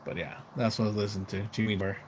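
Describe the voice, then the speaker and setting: A man's voice: fairly low pitch, steady tone, rapid-fire, slight background noise. A man live streaming from outside his house, rambling in casual chat, repeating words and swearing when he gets riled up. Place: outdoors near his house.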